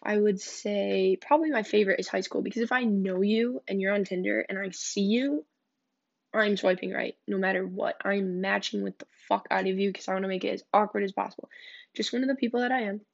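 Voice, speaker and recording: Young woman with a gravelly vocal fry. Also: mid-range voice, fairly even intonation, fairly quick. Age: young adult. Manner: candid, blunt, swears freely. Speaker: podcast host. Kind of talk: casual storytelling podcast. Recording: dull lo-fi recording.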